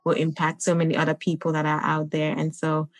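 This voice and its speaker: Low-voiced encouraging woman host. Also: monotone, a little fast, no room sound. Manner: affirming, sermon-like encouragement. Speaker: podcast host. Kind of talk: faith-based conversation. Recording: dry close podcast audio.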